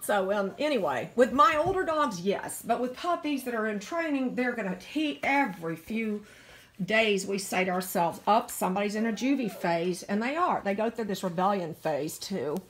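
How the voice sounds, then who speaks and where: A woman's voice: mid-range voice, lively intonation, normal speed, fairly bright tone. A middle-aged woman, a dog breeder gushing over a puppy in a casual home video filmed on a phone. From Virginia, USA. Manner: gushing, doting baby talk to a dog.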